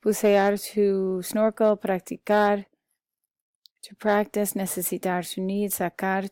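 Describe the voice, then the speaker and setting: A woman leads a recorded Spanish lesson, reading word lists slowly and patiently. Her voice is mellow and unhurried. The recording is dry, with little room sound. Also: mid-range voice, clear, resonant tone, no echo. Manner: slow, patient, talks through vocabulary lists with fillers. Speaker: Spanish teacher.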